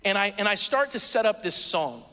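A man preaching a sermon, telling a story in a casual, self-mocking and animated way. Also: high-pitched, normal speed, big-room sound. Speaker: pastor.

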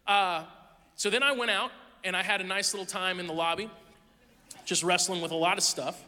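A middle-aged male pastor preaches in a loose, conversational way, telling candid stories that poke fun at himself. His voice sits high and rings bright and forceful. The sound carries the long reverb of a large church hall. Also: fairly quick. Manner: candid, self-deprecating, lively anecdotes. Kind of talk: conversational sermon storytelling. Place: church sanctuary.

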